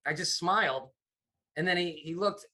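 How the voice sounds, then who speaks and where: This comedy producer from the United States, middle-aged, talks at a normal speed in a slightly high voice. Sharing stories in a relaxed interview, he gets animated and performs the voices of those he's quoting.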